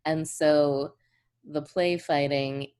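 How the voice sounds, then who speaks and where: A woman's voice: low voice, steady tone, takes it slowly, dark tone, smooth. A woman guest in a casual interview, speaking earnestly and effusively and laughing often. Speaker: podcast guest.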